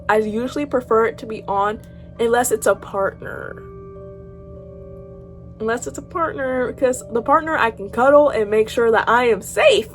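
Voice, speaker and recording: A teenage girl vlogger reacting to horror stories, dramatic and casual, swinging between loud outbursts and quiet mutters and swearing freely. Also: on the high side. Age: teens. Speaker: YouTuber.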